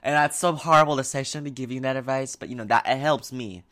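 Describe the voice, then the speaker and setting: A young man talks straight to his viewers and gives advice. He rambles, restarts his sentences and leans on fillers, and his delivery stays lively and animated. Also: medium pitch, fast talker. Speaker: vlogger giving advice. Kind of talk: casual advice vlog.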